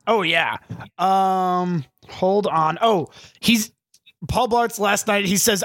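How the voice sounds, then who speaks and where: High creaky guy nitpicking movie writing, reading his notes, dry close sound. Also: slow, fairly bright tone, dry recording. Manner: picks apart the writing, reads from notes. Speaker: podcast co-host. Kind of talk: casual movie-review chat.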